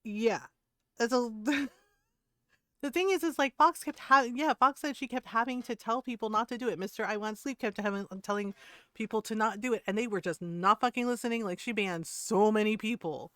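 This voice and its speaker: A woman's voice: on the high side, normal speed, a bit bright, dry recording. A middle-aged woman streaming a game, chatting casually in a blunt, swearing manner and laughing often.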